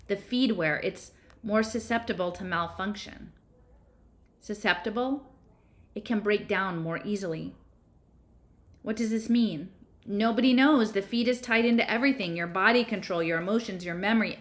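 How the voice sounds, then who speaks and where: A woman voicing a frightened, sharp-tongued teenage girl in an audiobook reading, with urgent, tumbling explanations. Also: medium pitch, lightly acted.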